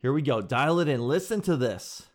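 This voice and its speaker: Animated man hosting casual reactions. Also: mid-range voice, moderate pace. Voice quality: animated, laughing, addresses viewers as guys and dude. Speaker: reaction video host.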